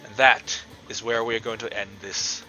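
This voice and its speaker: A man's voice: on the low side, level tone, moderate pace, pushed and bright, rough recording. A man narrating as game master of a tabletop game over voice chat, describing scenes with many fillers and restarts. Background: game soundtrack music.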